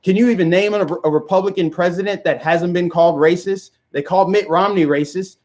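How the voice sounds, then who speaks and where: High-voiced man ranting to camera. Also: steady tone, a little fast, darkish tone. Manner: emphatic, fires rhetorical questions. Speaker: video commentator. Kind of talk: direct-to-camera rant.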